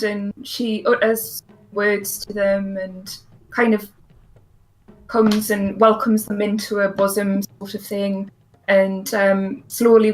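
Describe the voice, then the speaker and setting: A woman's voice: mid-range voice, fairly bright tone, rough recording. A woman playing a tabletop game, hesitant, with many ums. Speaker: player.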